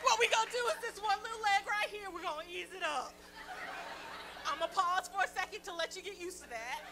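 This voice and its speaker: A woman's voice: extremely high pitch, fairly quick, very noisy. A woman doing a bawdy, self-mocking stand-up set on a comedy club stage, speaking into a handheld mic. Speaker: stand-up comic.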